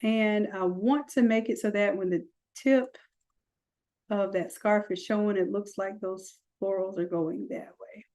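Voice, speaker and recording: A woman walking through a software design tutorial, chatty, with folksy asides. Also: mid-range voice, fairly even intonation, a little slow. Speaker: design instructor. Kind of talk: screen-recorded software tutorial.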